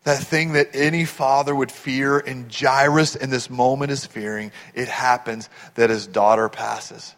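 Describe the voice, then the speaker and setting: A man's voice: mid-range voice, fairly even intonation, a little slow, few pauses, a bit bright, big-room sound. A man from Texas preaching a sermon, telling stories with animation and putting questions to the congregation. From Texas, USA. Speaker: pastor.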